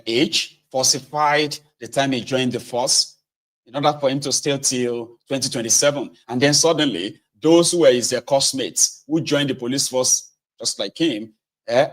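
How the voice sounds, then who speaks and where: A middle-aged man, hosting casual political commentary with sardonic, animated delivery. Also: mid-range voice. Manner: animated, sardonic, swinging between mutters and outbursts.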